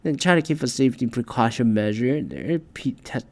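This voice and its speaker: A man's voice: medium pitch, expressive, a little fast, creaky, darkish tone. Male ranter, casual and profane, rambling with lots of restarts. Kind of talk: casual ranting monologue. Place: Detroit area.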